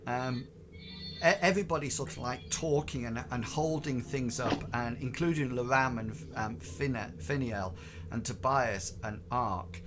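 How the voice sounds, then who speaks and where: A man's voice: mid-range voice, unhurried, over music. A man running a tabletop game on a live stream, narrating scenes in a hesitant way, full of ums and restarts. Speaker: game master.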